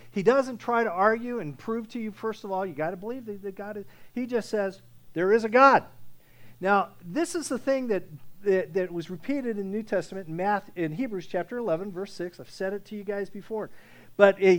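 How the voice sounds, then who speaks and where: A man preaching a sermon in a casual, conversational way, checking in with his listeners and rising to loud, emphatic scripture readings. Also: sits high. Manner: conversational preaching with frequent "okay?" check-ins. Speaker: pastor.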